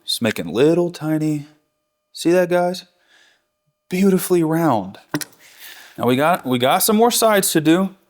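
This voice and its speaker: A man's voice: fairly high pitch, animated, unhurried, long pauses. A man in a casual, enthusiastic cooking lesson, talking his viewers through a task step by step and correcting himself as he goes. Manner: enthusiastic, chatty, self-correcting. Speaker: barbecue instructor. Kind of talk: real-time cooking tutorial.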